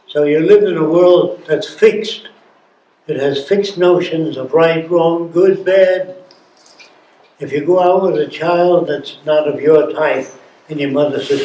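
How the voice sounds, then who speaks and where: Man in his nineties, interview guest, emphatic storyteller, slightly high voice, echoey room, faint background noise. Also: dark tone. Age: over 90. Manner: emphatic, asks rhetorical questions.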